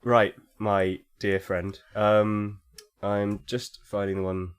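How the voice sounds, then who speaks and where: A man's voice: fairly low pitch, flat delivery, slow, clean tone. A man co-hosting a comedy podcast, teasing and setting up a bit with hesitant fillers. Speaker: podcast co-host. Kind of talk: casual banter.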